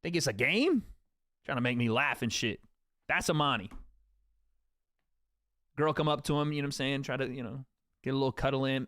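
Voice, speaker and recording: A man's voice: mid-range voice, a little fast, pauses often, a bit bright, no room sound. A young man hosting a livestream, joking and swearing casually as he talks to his chat. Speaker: streamer host.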